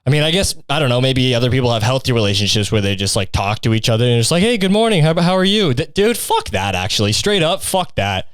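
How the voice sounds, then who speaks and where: A man's voice: medium pitch, expressive, fast, hardly any pauses, fairly bright tone, clear, resonant tone, no room sound, clean studio sound. A young man hosting a solo comedy podcast, rambling through a crude, insult-heavy rant. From Canada. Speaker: podcast host.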